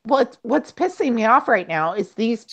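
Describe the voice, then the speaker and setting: A woman co-hosting a casual chat stream, blunt and quick to swear. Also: on the high side, big pitch swings, a bit bright. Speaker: stream co-host.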